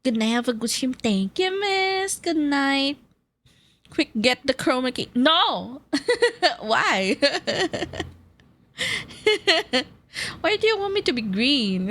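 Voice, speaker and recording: A woman streamer, her voice sitting a touch high and her talk unhurried. She chats warmly with her viewers, greeting them one by one and breaking into giggles. She mentions feeling nauseous and dizzy today. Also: big pitch swings. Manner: giggly, greets chat by name, bursts of laughter. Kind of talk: casual live-stream chat with viewers.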